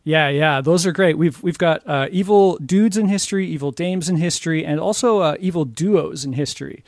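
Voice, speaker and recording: A man from Canada chatting casually as a guest on a podcast, earnest and quick to laugh. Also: fairly high pitch, dry recording, clean studio sound.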